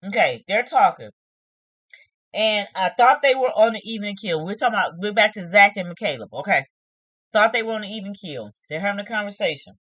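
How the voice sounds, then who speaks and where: Lively woman vlogger ranting about a reality show, dry close sound, talks straight at the camera. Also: mid-range voice, a little fast, dry recording. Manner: animated, opinionated, talks straight to viewers. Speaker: host of a TV review channel. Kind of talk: casual reality-TV recap vlog.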